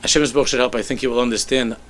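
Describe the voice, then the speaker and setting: A man, a rabbi, telling a story in a sermon with animated delivery that sinks to soft, low tones. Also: rapid-fire, a little hiss or hum.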